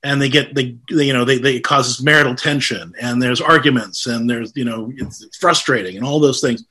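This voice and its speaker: A man's voice: mid-range voice, fairly even intonation, moderate pace, sharp tone. A man giving a conversational talk on faith and ministry, earnest, with frequent restarts. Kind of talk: informal lecture with Q&A.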